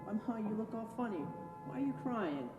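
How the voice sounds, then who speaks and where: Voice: mid-range voice, sing-song, a little fast, highs cut off, lightly acted. A student actor playing a nervous young groom, pleading and earnest, in a school stage play. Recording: echoey hall, far-off mic, music.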